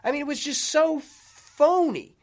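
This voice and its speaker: A man hosting a sports talk radio show, ranting with heat and a lot of cursing. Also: very high-pitched. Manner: profane, fired-up, rapid ranting.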